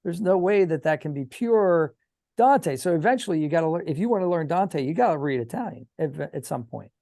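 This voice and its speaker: Chatty, animated man on a podcast. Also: fairly high pitch, brisk, no echo, studio quality. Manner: animated, chatty, filler-heavy. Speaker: podcast guest. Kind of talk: casual podcast chat.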